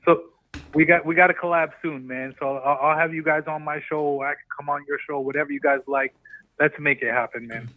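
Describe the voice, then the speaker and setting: A man from Canada calls in to a podcast, his voice pitched a little high. He chats in a friendly, easygoing way, saying "man" a lot. His voice comes through a thin, tinny phone line with a dry sound. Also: steady tone, fairly quick, dry recording. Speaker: caller. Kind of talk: casual chat.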